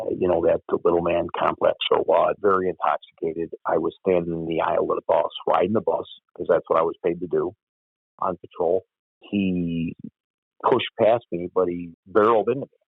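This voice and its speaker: A man's voice: low-pitched, fairly even intonation, fairly quick, creaky, breathy edge, no room sound. A former police officer, telling his stories bluntly and with plenty of swearing in an interview. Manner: blunt and profane. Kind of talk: candid interview storytelling. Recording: tinny phone-like dry sound.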